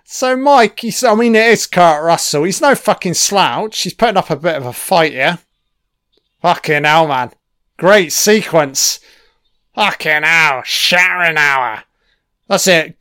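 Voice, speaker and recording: Brief: male film commentator, unhurried, smooth clear voice, swears a lot, yells at the screen. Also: high-pitched, no room sound, clean studio sound. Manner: swears constantly, cheers at the screen. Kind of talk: casual profane film reaction commentary.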